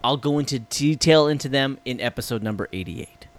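A man co-hosting a podcast in casual chat, enthusiastic, swearing freely and trailing off as he gets excited. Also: mid-range voice, brisk. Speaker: podcast co-host.

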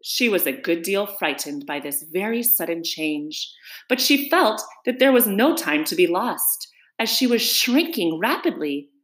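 A woman reading a children's book aloud, expressive and animated, in an echoey room. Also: mid-range voice, measured pace. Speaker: storyteller.

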